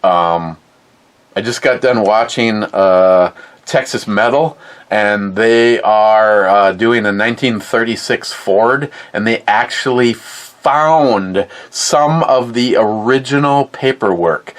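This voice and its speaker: A man's voice: lowish voice, takes it slowly, rough recording. A man, hosting a livestream in casual chat and reading out viewer comments in a rambling, blunt way with free swearing. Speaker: livestream host.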